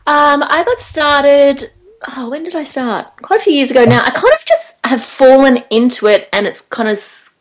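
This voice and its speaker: A woman's voice: high-pitched, lively intonation, moderate pace. An Australian woman, an actor guest, chatting casually in a radio interview, rambling and laughing easily.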